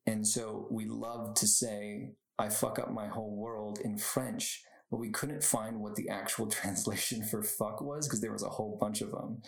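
A young man with a low, gravelly voice hosts a solo podcast, chatting loosely and wandering off on tangents. He laughs a lot as he talks. The room around him is echoey. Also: fairly even intonation, unhurried, few pauses. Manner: rambling, goes off on tangents, laughs often. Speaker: podcast host. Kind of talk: casual solo podcast chat.

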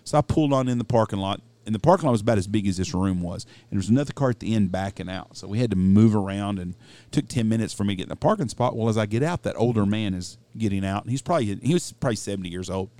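A man's voice: fairly low pitch, racing, warm tone, no room sound. A middle-aged man from Texas with a Texan accent, co-hosting a casual podcast and telling rambling, salty stories. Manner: rambling profane storyteller. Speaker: podcast co-host. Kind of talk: casual chat.

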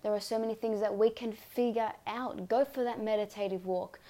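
A woman with a fairly high voice that sounds mellow and warm rather than bright. She talks listeners through self-help advice in an earnest, repetitive, coaching manner, speaking as the host of her own podcast. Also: steady tone, a little fast. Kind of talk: reflective self-help monologue.

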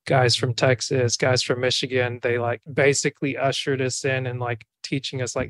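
A podcast host, a man, sharing an anecdote in a relaxed, casual chat. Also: medium pitch, moderate pace, hardly any pauses, slight background noise. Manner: relaxed, lots of "like" fillers.

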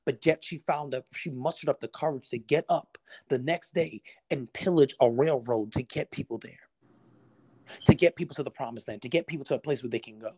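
A man's voice: medium pitch, fairly quick, warm tone, breathy edge. A man talking as a podcast guest, passionate and preacher-like, acting out the voices he quotes. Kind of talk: casual motivational conversation.

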